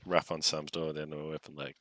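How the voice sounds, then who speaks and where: A man's voice: a bass voice, monotone, very fast, bright, forceful tone, no room sound. A man playing a tabletop game, joking and grumbling in casual banter. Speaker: player. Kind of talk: casual tabletop role-play.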